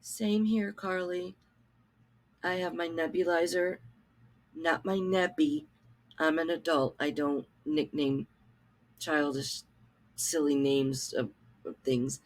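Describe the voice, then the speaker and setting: A woman's voice: sits low, fairly even intonation, slow, pauses often. A woman hosting a reaction video at home, mocking and scolding another creator with scornful, angry commentary. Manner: scornful and mocking, laughing while eating.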